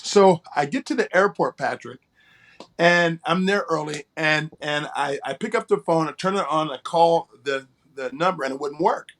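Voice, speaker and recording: A man's voice: a little high, normal speed, fairly bright tone. A man co-hosting an interview, telling a personal story in an earnest way and often repeating words as he starts a phrase. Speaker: co-host.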